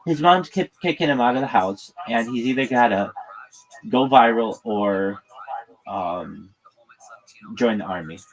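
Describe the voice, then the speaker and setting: A man's voice: mid-range voice, low-quality recording. A man telling a rambling, profanity-laced story in a casual livestream monologue.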